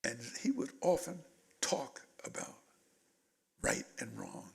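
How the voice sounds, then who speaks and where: Gravelly animated man in his eighties. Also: mid-range voice, slow. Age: 80s. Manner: animated storyteller, voices quotes loudly. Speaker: guest speaker. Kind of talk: storytelling in a panel talk.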